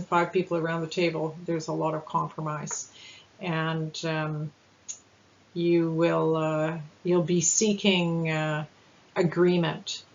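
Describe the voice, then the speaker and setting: Low-voiced woman giving a measured talk. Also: vocal fry. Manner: measured, with frequent ums and uhs. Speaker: presenter at a candidate information session. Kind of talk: informational talk. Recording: dull lo-fi sound with faint hiss.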